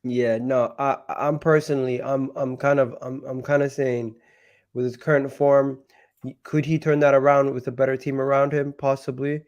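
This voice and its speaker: A man hosting a casual football talk show, sounding sick and nasal, talking haltingly with many restarts. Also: medium pitch, flat delivery, darkish tone, smooth, lo-fi sound. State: sick, nasal and deeper than usual. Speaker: football channel host.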